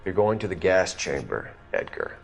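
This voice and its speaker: An actor playing a rigid, formal young police detective in the 1940s. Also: male voice, low-pitched, sing-song, normal speed, gravelly, faint music behind, exaggerated voice. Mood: stern. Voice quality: clipped, formal.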